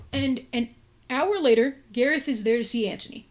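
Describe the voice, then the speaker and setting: A woman's voice: high voice, moderate pace. A woman book reviewer giving a casual, chatty plot recap with exasperated asides.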